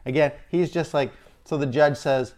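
A man from Illinois telling a personal story in an animated, exasperated way. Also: on the high side, normal speed. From Illinois, USA. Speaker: speaker.

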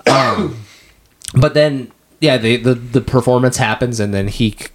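A man's voice: mid-range voice, noisy background. A man co-hosting a podcast in casual chat, rambling with many restarts and acting out quotes from scenes. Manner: rambling, halting, acts out quotes. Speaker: podcast co-host.

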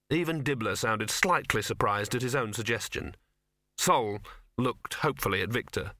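A man narrating a comic fantasy novel as an audiobook, in a dry, measured storytelling manner, recorded close to the mic. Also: mid-range voice, pushed and bright, no room sound. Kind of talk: scripted narration.

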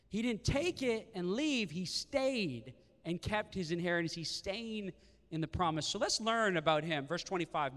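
A man preaching a sermon, asking the room questions and acting out the lines of the people in the story. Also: high voice. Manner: animated, rhetorical questions, acts out the brothers' lines. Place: church sanctuary. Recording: reverberant church hall.

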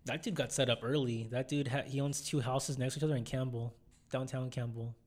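This young man hosts a podcast, speaking a little quickly with a steady tone in a mid-range voice. His talk is loose and casual, full of meandering anecdotes where he performs the quoted lines himself.

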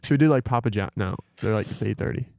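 Excitable teenage boy co-host. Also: on the low side, fast talker, gravelly, background noise. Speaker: podcast co-host. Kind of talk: casual chat.

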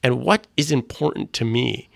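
Speaking as a guest in conversation, a middle-aged man from Canada gives an earnest account of his faith, stopping and restarting sentences again and again. His mid-range voice carries vocal fry, captured in studio quality with no room sound.

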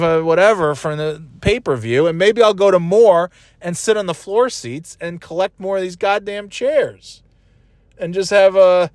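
A man's voice: on the high side, dry recording. A man casually rambling as a vlogger, swearing a lot, laughing often and making goofy sound effects. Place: just left a wrestling event in a city.

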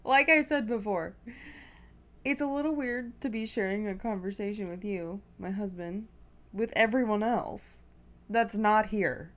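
A woman's voice: mid-range voice, measured pace, a bit bright. Wry woman guest on a home podcast. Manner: dry, wry. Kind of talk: casual chat.

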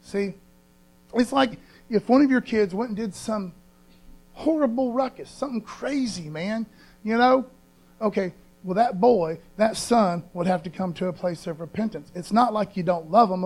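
A man's voice: sits high, darkish tone, rough recording. A man preaching a sermon as pastor, in a folksy, conversational way, reading scripture with emphasis.

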